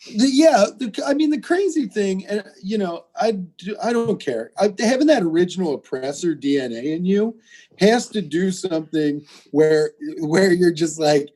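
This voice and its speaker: Man, comedic podcast riffing, rambling, animated pitch. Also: normal speed. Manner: rambling, animated, swearing, jumps into mock voices. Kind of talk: casual comedic banter.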